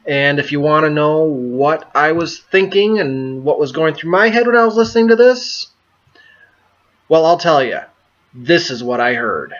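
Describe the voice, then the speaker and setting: A man's voice: fairly high pitch, lively intonation, measured pace. Exasperated man riffing on a dull mic. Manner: amused and exasperated, stumbling over words. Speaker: vlogger. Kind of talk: casual political commentary.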